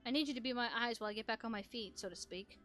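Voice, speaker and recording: Calm kind robot father, slow soothing delivery, high bright voice, as a woman reads him. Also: faint music behind, lightly acted.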